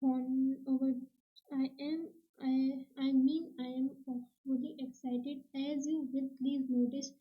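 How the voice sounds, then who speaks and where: High-voiced woman, slow halting classroom read-aloud, dull lo-fi audio. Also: level tone. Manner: halting, word-by-word reading with restarts. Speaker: teacher reading a play aloud. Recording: dull lo-fi recording.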